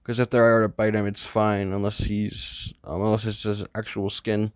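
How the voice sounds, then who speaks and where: A man's voice: on the low side, level tone, normal speed, clean tone, no echo. A man casually narrating an improvised fan story, rambling and correcting himself with many asides. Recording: dull, lo-fi, dry recording.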